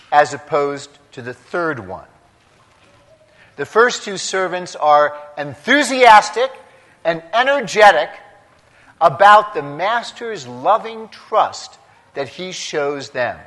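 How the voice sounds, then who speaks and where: Slow, high-voiced preacher in echoing church. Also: male voice, pushed and bright. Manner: slow, deliberate delivery in short emphatic phrases. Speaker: priest giving a homily. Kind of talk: sermon. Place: large church. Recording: long church reverb.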